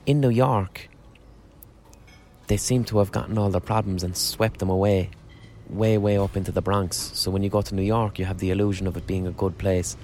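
Man, low-pitched, rambling, swears a lot, restarts often, outdoor street-corner recording, faint ambience. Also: fairly even intonation, moderate pace, darkish tone, slight background noise. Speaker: podcast host. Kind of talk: casual podcast monologue.

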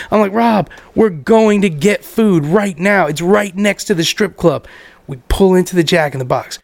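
A man co-hosting a podcast, telling a profane story in a casual, animated way and acting out his friends' lines. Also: high voice, moderate pace, vocal fry, no room sound.

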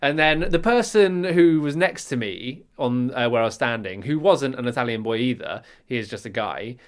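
A man's voice: mid-range voice, lively intonation, moderate pace. Rambling Englishman telling a bus story. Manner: rambling storyteller, self-mocking, bursts into loud repeated lines. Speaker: podcast co-host. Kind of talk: casual chat.

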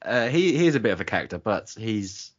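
A man co-hosting a football podcast, giving relaxed, analytical takes on players. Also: on the low side, a little fast, husky, highs cut off. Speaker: podcast co-host. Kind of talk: casual football chat.

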